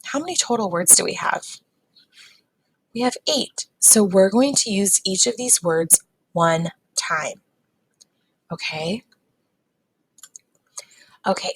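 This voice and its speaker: A woman teacher giving a recorded phonics lesson to young students, patient and sounding words out slowly. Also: medium pitch, vocal fry, slightly rough, dry recording, poor audio.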